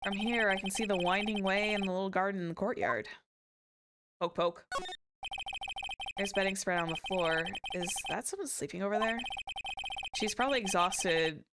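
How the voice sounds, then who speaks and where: A woman's voice: mid-range voice, normal speed, long pauses, noisy background. A woman streaming a game, reading its text aloud and chatting with jokey asides. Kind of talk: casual let's-play commentary. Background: game music.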